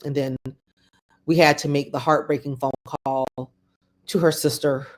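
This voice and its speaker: A middle-aged woman hosting a podcast, telling a personal story in a halting way, with many restarts and fillers, acting out what others said in quoted asides. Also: low voice, steady tone. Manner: acts out other people's words in quoted asides. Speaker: podcast host.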